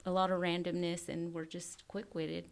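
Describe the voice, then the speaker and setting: A woman's voice: on the low side, flat delivery, normal speed, gravelly. A woman co-hosting a podcast who grew up in the US with Mexican parents, chatting casually with frequent laughs. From Mexican-American, grew up in the US. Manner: chatty, laughs easily, many fillers. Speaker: podcast co-host. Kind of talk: casual chat.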